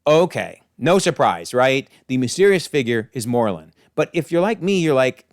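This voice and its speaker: A man's voice: medium pitch, sing-song, fast, hardly any pauses, no room sound, clean studio sound. A man casually recapping a comic book with enthusiasm, laughing often.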